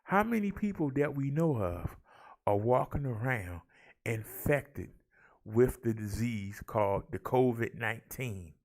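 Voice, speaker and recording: Gravelly man calling numbers to viewers. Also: mid-range voice, lively intonation, unhurried, a little mellow. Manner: theatrical, rolls his R's, talks to viewers as y'all. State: out of breath. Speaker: vlog host. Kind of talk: casual chat and daily numbers rundown.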